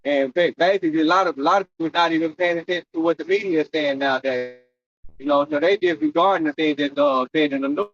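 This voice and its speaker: A man's voice: fairly high pitch, steady tone, fast, a bit bright. A man adding casual, rambling commentary during a scripture teaching. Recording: dull lo-fi dry recording.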